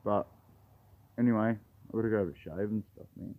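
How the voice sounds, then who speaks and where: A man's voice: lowish voice, brisk, no room sound, phone-quality sound. An Australian man, a hobby gardener, rambling in a laid-back, spiritual way while filming in his backyard garden on a phone. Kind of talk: rambling outdoor vlog.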